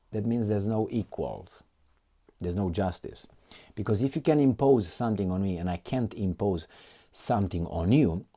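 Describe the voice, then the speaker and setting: A man's voice: sits low, dark tone. A man giving casual, profane political commentary, reading articles aloud and mocking them with frequent laughs.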